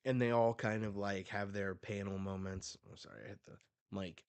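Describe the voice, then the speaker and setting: A man reacting on a live stream as he reads a manga, talking casually and excitedly into a close desk mic. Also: lowish voice, normal speed, smooth, no echo.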